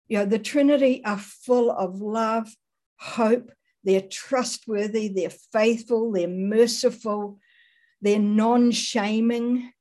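A woman giving a sermon-style Christian teaching in a measured, earnest way, building long lists of examples. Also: fairly high pitch, dark tone.

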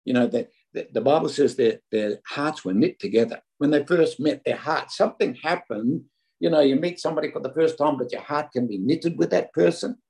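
A middle-aged Australian man preaching a sermon, telling stories in a loose, conversational way and often tripping over and repeating his words. His voice is gravelly with plenty of fry. The tone is dark and mellow. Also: a little high, brisk, low-quality recording. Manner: conversational, anecdotal, stumbling restarts.

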